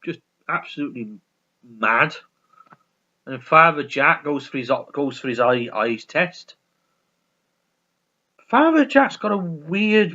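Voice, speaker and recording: A man's voice: fairly high pitch, pushed and bright, dull audio. A man hosting his own video, chatting casually and enthusiastically about a favourite comedy, repeating himself and swearing freely. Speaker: video host.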